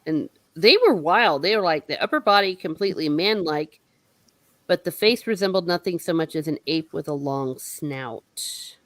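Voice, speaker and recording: A woman's voice: low-pitched, moderate pace, a bit bright, dry recording. A woman hosting a casual book discussion, animatedly retelling the plot and acting out the characters' lines. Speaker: book club host.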